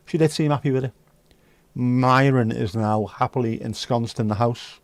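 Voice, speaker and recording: A man's voice: mid-range voice, no echo. A man hosting a livestream, chatting casually and reading out viewer comments with rambling, dry joking asides. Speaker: livestream host.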